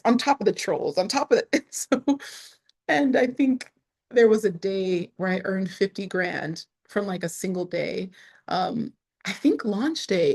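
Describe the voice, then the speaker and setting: Woman, lowish voice, casual interview storytelling, expressive, filler-heavy, sometimes near tears. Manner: expressive, frequent "like" fillers, rises sharply when excited. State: emotional, near tears at times. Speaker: entrepreneur guest.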